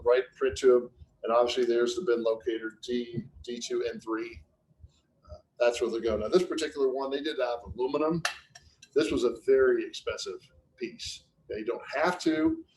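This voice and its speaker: Male presenter, mid-pitched, loose and anecdotal, restarts his phrases, webinar mic. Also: a little mellow, poor audio. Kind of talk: casual business webinar talk.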